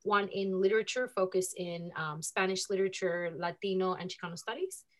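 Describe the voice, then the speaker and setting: Her voice is medium in pitch and brisk in delivery. The Californian woman, American-accented, guests on a laid-back storytelling interview, recounting stories animatedly and chattily with laughter and filler words.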